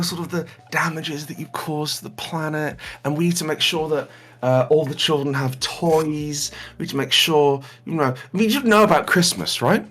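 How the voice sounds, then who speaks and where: A man voicing a polite, fussy female administrator who talks in a soft, friendly way. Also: on the high side.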